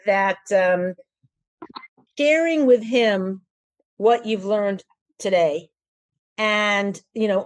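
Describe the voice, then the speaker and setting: A woman hosting a talk show, giving casual marriage advice in an animated way, laughing often and acting out quoted voices. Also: mid-range voice, measured pace. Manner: frequent restarts and fillers.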